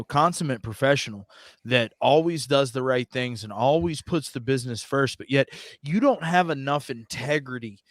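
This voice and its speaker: A man's voice: medium pitch, no echo. A man co-hosting a casual wrestling podcast, making his points emphatically and swearing freely. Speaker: podcast co-host.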